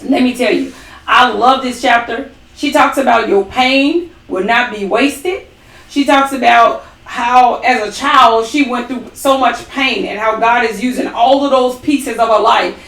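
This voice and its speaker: This woman talks a little slowly in a fairly high, slightly bright voice, recorded from a distance in a room with echo. She's a co-host on a ministry show, giving a passionate testimony full of dramatic quoted asides.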